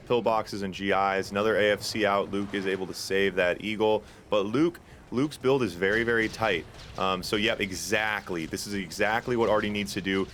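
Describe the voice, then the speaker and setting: A lower-pitched man commentates a competitive strategy game match with relaxed, filler-laden chatter. His voice jumps up in excitement at big plays. A faint hiss of noise sits behind his mic. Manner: casual, chatty with filler words. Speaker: tournament caster. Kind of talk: esports play-by-play commentary.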